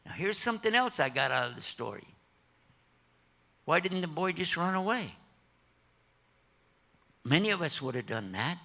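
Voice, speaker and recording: An older man preaches a storytelling sermon in a mosque hall, joking with listeners and acting out the story's characters in an animated way. His voice is a little high and gravelly, at normal speed, with frequent pauses.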